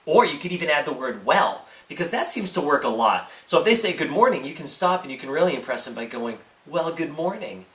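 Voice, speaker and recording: Lively, animated man in an echoey room. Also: fairly high pitch, fast, few pauses, recorded from a distance. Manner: animated, acts out silly example replies. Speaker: host. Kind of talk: energetic comedic tips video.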